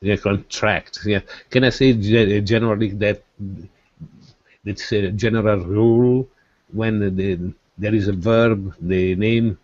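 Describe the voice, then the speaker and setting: Studente dalla voce bassa, esitante. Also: male voice, fairly even intonation, a little mellow, no room sound. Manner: halting, searching for words. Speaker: language student. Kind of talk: asking questions in a lesson. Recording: dry, dull recording.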